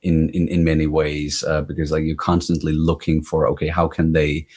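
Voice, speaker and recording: Deep-voiced Danish man, halting. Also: monotone, a little mellow, husky. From Denmark. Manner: halting, with many restarts and fillers. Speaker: guest reactor on a panel. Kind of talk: casual panel discussion.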